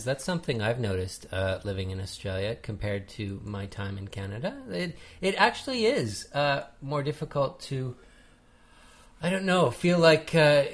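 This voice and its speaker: A man co-hosting a podcast in casual chat, reading listener emails with dry humor. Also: medium pitch. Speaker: podcast co-host.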